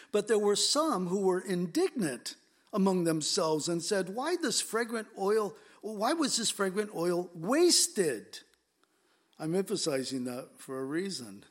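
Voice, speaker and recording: A male pastor with a slightly higher-pitched voice, preaching in an emphatic, conversational way. He leans on rhetorical questions as he works through the verses. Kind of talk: expository sermon.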